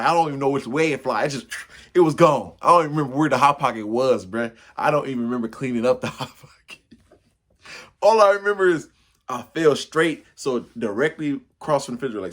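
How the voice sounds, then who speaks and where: A man spins a funny story for his channel in an easy, slangy way, talking straight to the viewer. His voice sits at an ordinary pitch with a husky edge. He acts out the crashes and his own cries of pain with loud bursts. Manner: animated, acts out yells and crashes; casual slangy chat to viewer.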